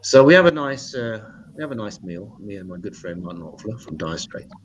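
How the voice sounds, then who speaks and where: A man hosting an open mic night and doing a stand-up set at home, with deadpan, sweary, mock-serious asides. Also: on the low side, moderate pace, breathy edge. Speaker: open mic host and comedian. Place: home in Italy.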